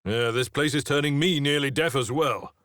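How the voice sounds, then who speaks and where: A man's voice: mid-range voice, moderate pace, fairly bright tone, no echo, lightly acted. An actor playing a proper male officer, formal and dry, slightly exasperated. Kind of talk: video game voice acting.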